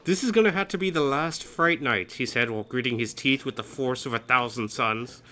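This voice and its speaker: A man's voice: mid-range voice, a little fast, sharp tone. A man hosting a horror game let's play, nervous and jumpy, swearing often and cracking self-mocking jokes.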